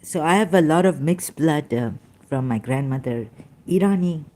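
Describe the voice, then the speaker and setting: A woman's voice: sits low, lively intonation, moderate pace, a little mellow. A woman giving casual solo commentary while reading scripture aloud, emotional and rambling, often breaking off mid-thought to correct herself. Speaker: religion commentator.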